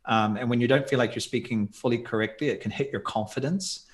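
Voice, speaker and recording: A man's voice: medium pitch, fairly quick. A man talking in a casual podcast interview as a guest, thoughtful and rambling with many asides.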